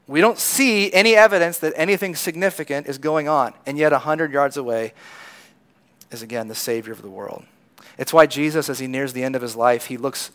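Man, pastor, conversational sermon, slightly high voice, playful asides. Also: a bit bright, smooth. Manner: conversational storytelling preacher, acts out bystanders' lines.

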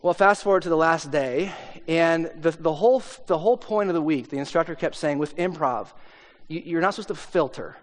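A man's voice: on the high side, brisk. A man, a pastor, telling a self-deprecating story in a conversational sermon, with plenty of fillers. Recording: long hall reverb.

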